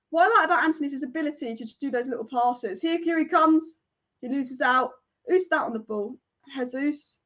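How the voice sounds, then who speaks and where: A woman's voice: high voice, a bit bright. A young woman hosting a live football watch-along, chatting and reacting, swearing at the referee. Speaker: football fan channel host. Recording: slightly dull lo-fi stream audio.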